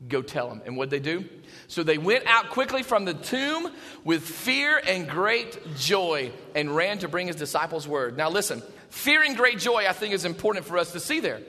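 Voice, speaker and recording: Male pastor, high bright voice, animated sermon delivery, reverberant church. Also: moderate pace. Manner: animated, shifts between hushed and shouting. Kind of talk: Easter sermon. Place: church sanctuary.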